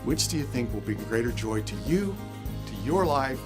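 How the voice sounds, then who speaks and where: Male motivational speaker, animated delivery, swinging pitch. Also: normal speed, music in the background. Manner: animated, acts out everyday scenes. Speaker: life lesson speaker. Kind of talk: motivational talk.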